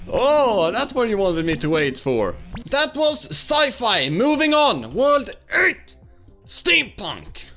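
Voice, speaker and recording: A young man giving excitable let's-play commentary, laughing and shouting at wins and fails. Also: sits high, takes it slowly, soft background music. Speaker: gaming YouTuber.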